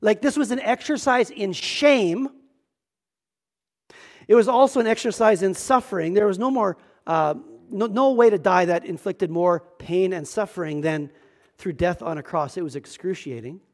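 A man's voice: high voice, moderate pace. A male pastor preaching a sermon in a church, earnest and emphatic, often repeating words as he starts a thought.

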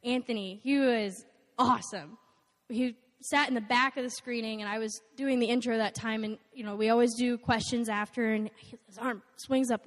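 A young woman giving an animated storytelling talk to an audience, acting out the voices of the people she quotes. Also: fairly high pitch, moderate pace. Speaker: nonprofit volunteer speaker. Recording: long hall reverb.

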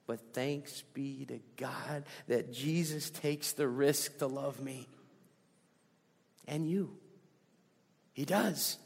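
A pastor preaching a sermon with emphatic delivery that drops to a soft hush on key lines, heard in a church. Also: male voice, medium pitch, very slow, vocal fry, pauses often, slightly rough. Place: church sanctuary. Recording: hall with long reverb.

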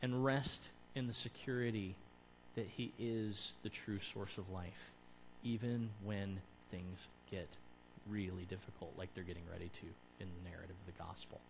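A man preaching to his church in a conversational way, building to emphatic, louder peaks. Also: low voice, fairly even intonation, moderate pace, creaky, a little hiss or hum, poor audio. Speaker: pastor. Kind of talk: sermon.

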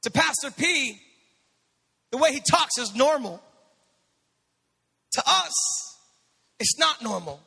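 A male pastor preaching a sermon, swinging between quiet asides and shouted, sing-song exhortation. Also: extremely high pitch, lively intonation, slow pace, vocal fry, pauses often. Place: church sanctuary. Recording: long church hall reverb.

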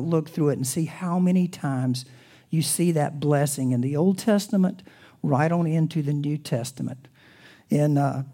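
A man preaching a sermon as pastor, swinging from loud emphasis to hushed, almost whispered lines, and closing in soft, reverent prayer. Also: on the high side.

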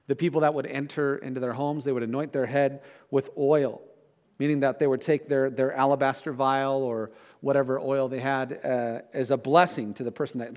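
A man's voice: medium pitch, a little mellow. A middle-aged man, a pastor, preaching a sermon in a conversational way, often checking in with "right?".

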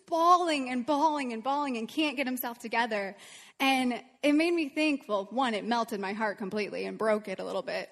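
A woman's voice: high voice, steady tone, fairly quick, long reverb tail. A woman leading worship, telling a story to the congregation in a chatty, earnest way, with frequent "um"s. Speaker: worship leader. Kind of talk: casual talk to a congregation.

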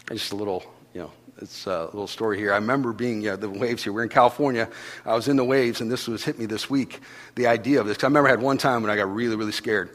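A man preaching a sermon as pastor, telling stories with animation and swinging between hushed and loud delivery. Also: mid-range voice. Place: church hall. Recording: long reverb of a large hall.

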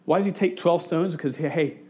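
A male pastor preaching in a loose, conversational storytelling manner. He jokes, restarts his sentences and briefly mimics the people he quotes. His voice sits slightly high for a man. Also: a little fast, mellow. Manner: jokey and self-interrupting. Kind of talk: sermon.

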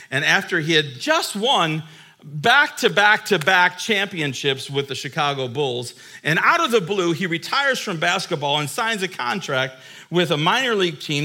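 A middle-aged father telling a story to camera in an animated, chuckling, emphatic way. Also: on the high side.

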